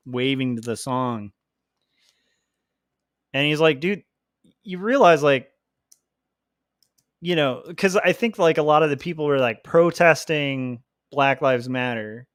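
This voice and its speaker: Man, comics livestreamer, rambling casual chat, lots of "like", laughs, bit high-pitched, dry sound. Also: a bit bright, dry recording. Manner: rambling and chatty, full of "like", laughing often. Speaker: comics artist livestreaming his drawing work.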